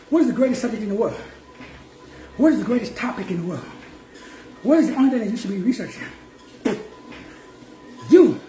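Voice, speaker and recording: A man's voice: high voice, a little mellow. A man giving a preachy motivational talk as a self-help teacher, emphatic and repetitive with slang. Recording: roomy echo, faint music.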